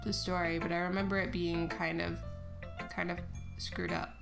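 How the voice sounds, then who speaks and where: A woman's voice: fairly low pitch, flat delivery, normal speed, gravelly. A young woman co-hosting a let's play, chatting casually and rambling with lots of giggles, with game music behind her. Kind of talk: casual gaming chat.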